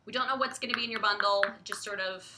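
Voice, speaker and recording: A woman's voice: mid-range voice, fairly even intonation, fast talker, noisy background. A young woman co-hosting a casual livestream chat, giggly and full of likes and ums. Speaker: publisher livestream co-host. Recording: echoey room.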